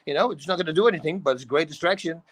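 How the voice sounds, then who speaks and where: A middle-aged man with a Dutch accent, telling animated stories in a casual talk show. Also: on the high side, racing, slight background noise, poor audio. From Netherlands. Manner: animated storytelling, acts out quotes, laughs often. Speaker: guest. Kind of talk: casual storytelling.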